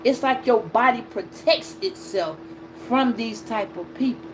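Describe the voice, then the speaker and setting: Woman host, somewhat high voice, casual vlog rant, blunt and swears a lot. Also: measured pace, noisy background. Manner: blunt, profane, emphatic retelling. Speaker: astrology and tarot channel host.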